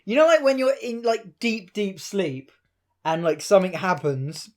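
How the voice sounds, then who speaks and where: A young man with a fairly high voice tells a story on a casual podcast. He is animated, laughs while he talks and mimics the people he quotes. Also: unhurried. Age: young adult. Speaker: podcast co-host.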